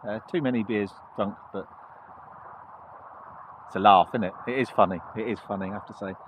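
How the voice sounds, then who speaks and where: A man's voice: fairly low pitch, brisk, a little hiss or hum, low-quality recording. A man chatting casually and jokily to camera, recorded outdoors by a canal. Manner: jokey, playful banter. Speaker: vlogger, narrowboat dweller. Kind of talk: casual chat.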